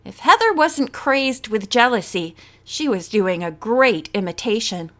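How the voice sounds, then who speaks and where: Female audiobook reader, unhurried and steady, voice sits on the higher side. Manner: steady, measured storytelling. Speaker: audiobook narrator. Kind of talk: reading a novel aloud.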